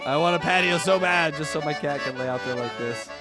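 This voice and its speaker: A man's voice: a little high, fairly quick, over loud music. A male show host chatting in a giggly, gushing, easily amused way. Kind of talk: late-night show banter.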